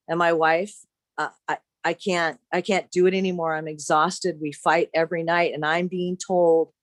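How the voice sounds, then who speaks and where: A woman telling a long personal story in casual chat, halting with many restarts as she retells what others said. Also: lowish voice, no echo. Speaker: caller sharing a story.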